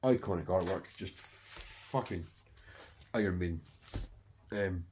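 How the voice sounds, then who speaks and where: A man's voice: low-pitched, takes it slowly, a little mellow, a little hiss or hum. A middle-aged man and record collector chatting casually to camera, rambling and swearing heavily with enthusiasm.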